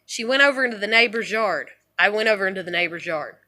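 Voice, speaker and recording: A woman in her thirties telling rambling, profane stories in a casual monologue, dropping to low mutters and rising to loud outbursts. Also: lively intonation, quick pace. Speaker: vlogger.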